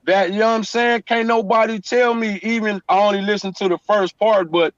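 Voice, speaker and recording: A man talks in a fairly high voice, emphatic and story-driven, and keeps checking in with the listener. The sound is dull and lo-fi, like a call line, and very dry. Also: steady tone, brisk, dry recording. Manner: emphatic street storytelling, repeats "you know what I'm saying". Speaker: guest. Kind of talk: casual chat.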